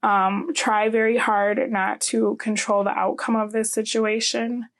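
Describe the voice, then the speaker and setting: A woman's voice: fairly high pitch, level tone, a little slow. A woman giving a casual tarot reading, chatty, often ending her points with "okay?". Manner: chatty, frequent "um" and "okay?" tags. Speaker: tarot reader.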